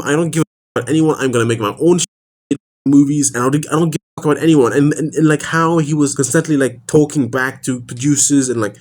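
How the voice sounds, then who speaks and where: Young guy in his 20s venting fast to camera, tired and upset, keeps repeating himself and swearing, mid pitch. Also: darkish tone. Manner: rambling and repetitive, with stumbling restarts and swearing. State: tired and distressed. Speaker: vlogger. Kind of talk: emotional venting monologue to camera.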